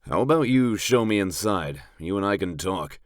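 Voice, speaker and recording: A man's voice: sits low, expressive, moderate pace, no echo, studio quality. A man reading an audiobook, voicing a commanding adult male biker with a firm manner. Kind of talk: audiobook character voice.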